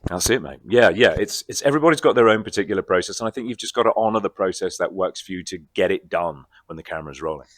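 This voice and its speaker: A man, a guest actor in a convention interview, talking in a reflective, animated way. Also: sits low, fast, few pauses, no room sound, studio quality. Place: convention floor.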